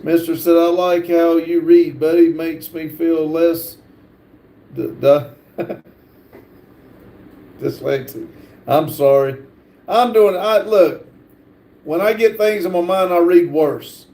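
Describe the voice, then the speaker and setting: A man hosting a livestream, reading viewer comments aloud in a halting, stumbling way with lots of fillers. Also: fairly high pitch, dark tone, roomy sound. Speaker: livestream host reading chat. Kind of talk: casual live chat, reading comments aloud.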